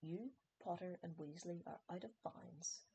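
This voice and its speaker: A woman's voice: sits low, steady tone, normal speed, dark tone, slight background noise, lightly acted, rough recording. A woman voicing a cold, vengeful male potions professor in an audiobook reading, sneering and menacing.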